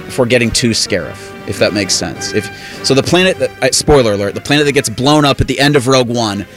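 A man's voice: medium pitch, expressive, fast, over music. A man chatting casually with coworkers, explaining things eagerly and rambling. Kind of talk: casual chat. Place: office.

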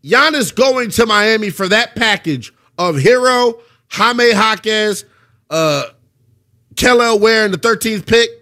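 A man hosting a sports talk radio show, arguing his takes with rhetorical questions and an animated delivery. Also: a little high.

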